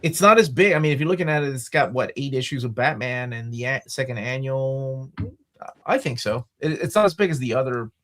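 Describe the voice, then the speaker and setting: A man hosting a casual panel chat about comics. He reads product listings aloud and breaks off into excited asides, with a plain mid-range voice. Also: mid-range voice, a little fast. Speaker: podcast host.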